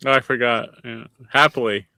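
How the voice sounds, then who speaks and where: A man's voice: medium pitch, fairly even intonation, moderate pace, gravelly, bright, forceful tone. A man hosting a podcast in casual chat, teasing and playful. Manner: teasing, playful, does impressions. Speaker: podcast host.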